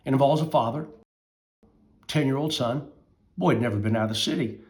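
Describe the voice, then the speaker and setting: A man's voice: medium pitch, a little mellow. Earnest man telling a fable. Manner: earnest, emphatic, with dramatic pauses. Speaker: motivational speaker for parents. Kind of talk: storytelling and parenting advice.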